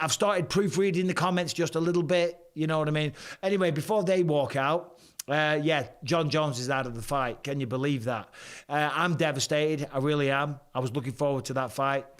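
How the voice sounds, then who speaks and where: A middle-aged man from Lancashire talks loosely through a live fight-reaction stream, with a strong Lancashire accent. He rambles, swears freely and keeps up a chatty patter. His voice sits in an ordinary middle register. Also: mid-range voice. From Lancashire, England. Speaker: host, former fighter. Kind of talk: casual live-stream commentary.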